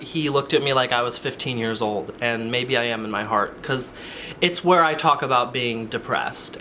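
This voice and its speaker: A man's voice: on the high side, bright, forceful tone, slight background noise. A man vlogging in a casual, rambling way, often interrupting himself with jokey asides. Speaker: YouTuber. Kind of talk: casual vlog chat.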